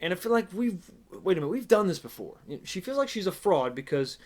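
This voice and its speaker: A man's voice: sits high, big pitch swings, fast. A man casually reviewing a TV episode in a sarcastic, exasperated, rambling way. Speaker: TV show reviewer.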